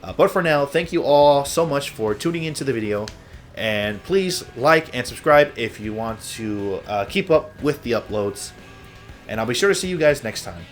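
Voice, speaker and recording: A man hosting a let's play, giving casual, chatty commentary on a game, relaxed and with fillers. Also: medium pitch, moderate pace, faint music behind.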